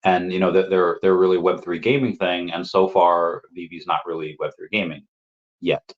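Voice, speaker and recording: A man with a fairly low voice chats loosely on a live stream, tripping over repeated words and breaking into laughter. He coughs now and then as he gets over an illness. The audio is muffled and lo-fi. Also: fairly even intonation, moderate pace. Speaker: livestream host answering chat. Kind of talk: casual live chat.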